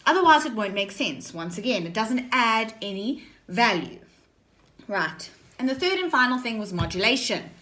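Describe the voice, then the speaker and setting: A woman's voice: fairly high pitch, sing-song, bright, forceful tone. A woman teaching a drama lesson to her class, explaining step by step and often checking in with "okay?" and "right?". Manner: slow, deliberate explaining.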